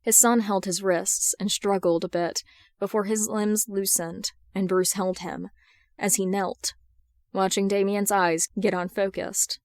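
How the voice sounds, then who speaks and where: A woman reads fan fiction aloud in a steady, even narrating voice of middle pitch. The recording is close and dry, made at home with no room echo. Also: measured pace. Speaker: podfic reader. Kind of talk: audiobook narration.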